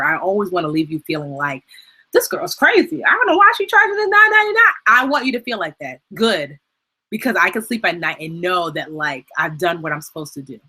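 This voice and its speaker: A chatty, emotional woman in her thirties hosts a casual live-stream Q&A. Her voice is bright and a bit husky, and she talks openly, laughing at herself and getting teary as she goes. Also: lowish voice. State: tearful, crying at times. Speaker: personal finance educator and host.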